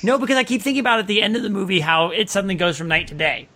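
Bright-voiced chatty woman co-host. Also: medium pitch, racing. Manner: chatty, laughs often, acts out characters' lines. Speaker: podcast co-host. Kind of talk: casual movie discussion.

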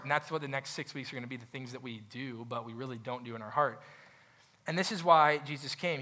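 A young adult man preaching a sermon as a pastor, animated and conversational, acting out quoted voices and restarting his phrases often. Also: mid-range voice.

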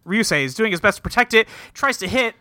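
A man hosts a podcast and chats loosely through an episode recap, swearing freely and laughing along. His tone is sharply bright and a touch high. The sound is close and completely dry. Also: expressive, fast, no room sound. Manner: profane, rambling, laughing. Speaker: podcast host. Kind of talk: casual recap chat.

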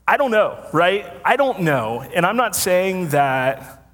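A man's voice: sits high, fairly bright tone. Chatty pastor man in a reverberant hall. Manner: conversational, self-deprecating, laughs often. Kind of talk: storytelling sermon. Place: church sanctuary with congregation.

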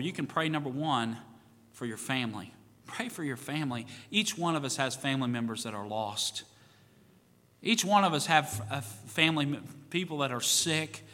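Bright-voiced pastor preaching in a reverberant church. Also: male voice, mid-range voice, expressive, moderate pace. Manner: folksy, repeats "you know what?", acts out quoted voices. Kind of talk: sermon. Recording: church sanctuary with long reverb.

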